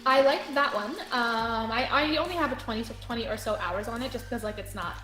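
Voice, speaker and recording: A woman's voice: on the high side, brisk, a bit bright. A woman guest chatting casually about video games, full of "like" fillers. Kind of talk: casual gaming chat. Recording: echoey room with faint music.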